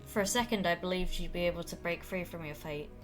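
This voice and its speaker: A woman's voice: fairly low pitch, fast, faint music behind, lightly acted. A woman voicing an older witch speaking tenderly and wryly at her sister's grave, in a game played aloud. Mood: wistful. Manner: wry, tender. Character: older witch, wry and affectionate.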